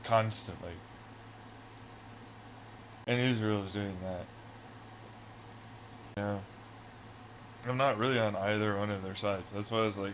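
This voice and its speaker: Man, low voice, casual livestream chat, rambling, profane, faint background hiss. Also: a little slow, long pauses, a bit bright. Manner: loose, profane, trailing off into asides. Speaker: livestreamer chatting with viewers.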